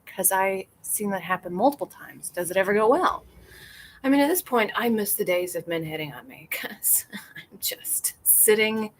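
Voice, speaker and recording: A woman's voice: mid-range voice, slight background noise. Chatty woman rambling on a livestream. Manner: chatty, rambling, laughs often. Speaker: livestream host. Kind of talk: casual livestream chat.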